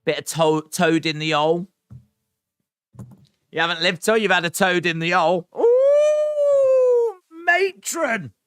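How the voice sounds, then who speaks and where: A man's voice: on the high side, fairly even intonation, normal speed, long pauses, a bit bright, smooth, no room sound, clean studio sound. An English man hosting a live stream, casually reading viewer comments with playful, mock-indignant banter. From England. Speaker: live stream host reacting to wrestling.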